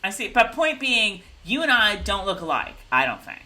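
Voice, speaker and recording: A woman co-hosting a casual recap chat, bubbly and gushing with quick asides. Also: mid-range voice, very animated, sharp tone, rough recording. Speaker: podcast co-host.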